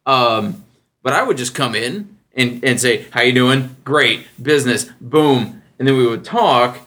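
A man in his thirties hosting a casual podcast, telling stories with lively, acted-out voices for other people. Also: a little slow. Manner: animated storyteller who acts out other people in a high voice. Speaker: podcast host.

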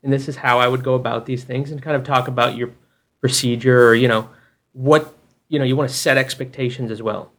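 A man co-hosting a casual podcast, giving practical advice in a relaxed way. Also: mid-range voice, a little fast. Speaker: podcast co-host.

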